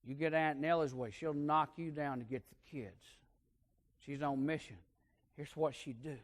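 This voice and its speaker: Folksy preacher man, fairly high voice. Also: fairly even intonation, normal speed. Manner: folksy, swings between hushed and loud emphasis. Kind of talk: sermon storytelling.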